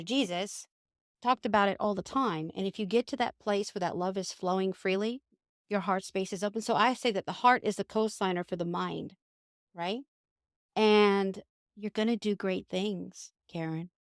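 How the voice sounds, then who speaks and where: A woman guest talking about spiritual healing in a calm, reassuring way, sometimes acting out voices in a story. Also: medium pitch, moderate pace, no room sound, studio quality. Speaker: guest healer. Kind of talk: casual spiritual talk.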